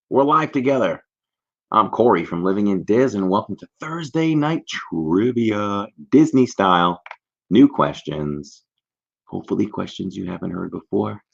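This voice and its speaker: Deep gravelly man hosting a livestream. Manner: chatty, greets viewers by name. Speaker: livestream host. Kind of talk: casual livestream chat. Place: warm room at home. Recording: slightly dull lo-fi stream audio.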